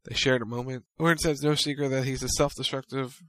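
A man co-hosting a casual chat, recapping events in brisk storytelling and playing out quotes. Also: mid-range voice, fairly even intonation, a bit bright, no echo. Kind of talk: casual recap of a wrestling show.

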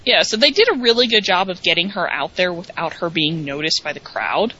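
Bright-voiced woman recapping wrestling. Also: on the low side, animated, fairly quick, husky, muffled recording. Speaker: co-host. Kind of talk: casual wrestling recap podcast.

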